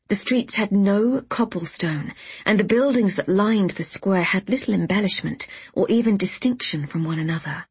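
A woman narrating a novel in the first person, with measured storytelling. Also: mid-range voice, breathy edge, no echo. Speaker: audiobook narrator.

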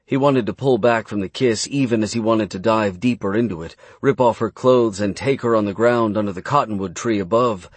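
Man, audiobook narration, measured, dramatic, dry close sound, low voice. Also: dry recording.

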